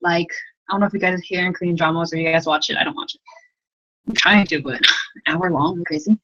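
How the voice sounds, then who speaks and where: A woman's voice: on the low side, fairly even intonation, quick pace, fairly bright tone. Young woman teaching from her bedroom, rambly and giggly, says like a lot, kinda dull lo-fi sound. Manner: rambling, giggly, self-deprecating, full of "like". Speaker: language tutor. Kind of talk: casual livestream lesson. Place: bedroom at home at night.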